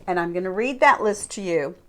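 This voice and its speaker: A woman who is a Christian life coach, giving a deliberate, earnest teaching monologue with rhetorical questions. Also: on the low side, lively intonation, fairly bright tone.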